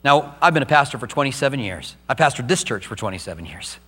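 A man's voice: medium pitch, big pitch swings, fast talker, a bit bright, husky, in a large hall. A middle-aged man preaching a sermon as pastor, earnest and personal as he tells his own story.

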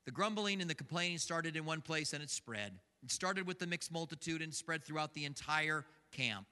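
A man's voice: on the high side, lively intonation, moderate pace, pushed and bright. Older male pastor in a reverberant hall. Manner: conversational, asks the congregation questions. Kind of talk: sermon.

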